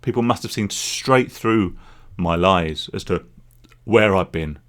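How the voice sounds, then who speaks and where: This man's voice sits low and has a slightly bright quality, and he takes his time. He's a vlogger and former gambling addict, reflecting openly and somewhat aimlessly on that past in a confessional solo monologue.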